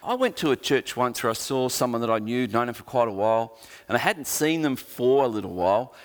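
A man's voice: medium pitch, expressive, fairly quick. A man with an Australian accent, preaching a sermon as a pastor in an earnest, conversational way with joking asides.

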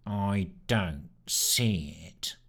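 A man's voice: on the low side, voice pushed down, exaggerated voice. A man doing a dull rat-like muttering man. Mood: dull, sneering. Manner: slow, sneering, flat muttering. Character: dull monotonous rat-like man, ignored by all.

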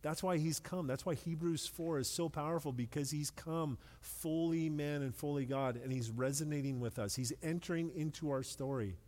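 A middle-aged man preaching a sermon in a relaxed, conversational way, with light self-deprecating humor and words repeated when he stresses a point. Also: a little high, moderate pace, few pauses. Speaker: pastor. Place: church sanctuary with long reverb. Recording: long hall reverb.

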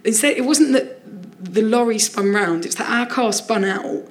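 Casting note: woman comedian, lively anecdote teller, slightly higher voice, laughing through it. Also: normal speed. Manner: animated storytelling, frequent laughter, swearing. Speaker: comedian guest. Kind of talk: casual anecdote on a live podcast.

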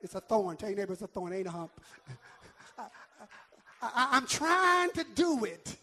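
A man's voice: sits high, very animated, normal speed, bright, forceful tone. A male pastor preaching a sermon, emphatic, repeating words and calling on the congregation to answer back.

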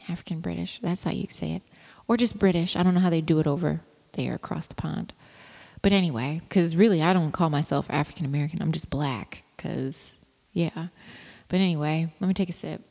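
A woman's voice: deep voice, fairly quick, vocal fry, a little mellow, big-room sound. A woman rambling casually about her home brewing, with lots of fillers and restarts. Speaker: home brewer. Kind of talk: casual vlog chat.

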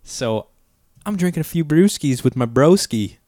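A man's voice: fairly high pitch, lively intonation, normal speed, dark tone, a little hiss or hum. A young man co-hosting a podcast in casual chat, swearing freely and drinking a beer as he talks. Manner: laid-back, swears freely, lots of fillers. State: drinking beer while talking. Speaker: podcast co-host.

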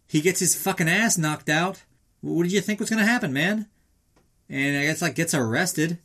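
A man's voice: mid-range voice, fairly bright tone. A man casually recapping a film in a rambling, sarcastic way, swearing often.

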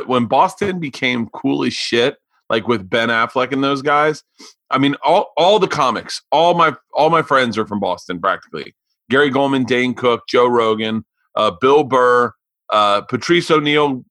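A man's voice: mid-range voice, fairly bright tone, no echo. A man hosting a casual interview podcast, asking rambling, run-on questions. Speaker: podcast host. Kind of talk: casual remote interview chat. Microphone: remote call mic.

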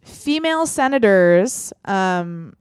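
A woman's voice: mid-range voice, very animated, slow, clean tone, no echo, studio quality. A woman hosting a podcast, reading out news items and explaining them wryly to her co-hosts in casual chat. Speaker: podcast host.

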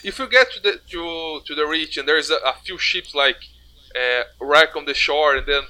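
A man's voice: fairly high pitch, very animated, moderate pace, pushed and bright, low-quality recording. A man in casual chat about a video game, thinking aloud with hesitant fillers.

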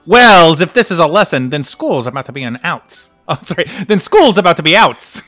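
A man voicing a jealous cartoon sailor with a gravelly drawl, read for laughs. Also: on the high side, big pitch swings, fairly quick, a bit bright, no room sound, soft background music. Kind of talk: comedic reading.

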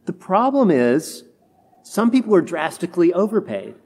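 A man delivers a sermon, acting out the quoted complaints of people in his story with character voices. His voice is high-pitched and very animated, with a moderate pace, a darkish tone, and a breathy edge.

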